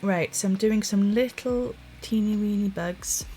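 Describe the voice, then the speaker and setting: A sleepy woman streaming her drawing live, musing quietly to herself and greeting chat viewers. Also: mid-range voice, unhurried, faint music behind. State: sleepy, yawning.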